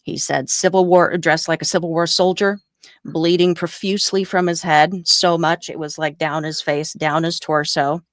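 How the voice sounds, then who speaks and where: A woman co-hosting a podcast, retelling a story in a rambling, animated way with fillers. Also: sits low, moderate pace, dry recording, clean studio sound. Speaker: podcast co-host. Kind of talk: casual storytelling chat.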